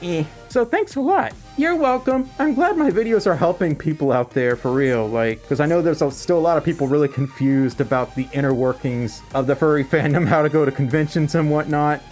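A YouTuber chatting casually while reading fan letters aloud, bubbly and quick to laugh. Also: mid-range voice. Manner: bubbly, laughs often, squeals when excited. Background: faint background music.

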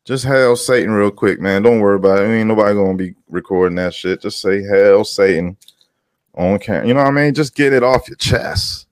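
A vlogger rants at his viewers, greeting them along the way in heated, profane commentary that is emphatic and repetitive, swearing heavily. His voice sits on the low side and moves fairly quickly with few pauses. The studio recording is clean, with no room sound.

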